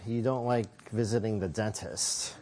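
A man's voice: on the low side, moderate pace, mellow, slight background noise. A man preaching a sermon, telling a personal story with self-deprecating humor and frequent chuckles.

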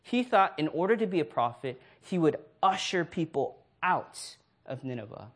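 A man's voice: on the high side, moderate pace, husky. A man preaching a sermon through a personal story, acting out voices and laughing as he goes. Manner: animated storyteller who acts out voices and laughs.

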